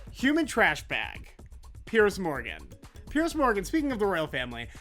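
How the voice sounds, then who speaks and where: A woman's voice: mid-range voice, fairly bright tone. Sarcastic woman host mocking the news. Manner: sarcastic, mocking, drawls phrases for emphasis. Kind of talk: comedic news recap.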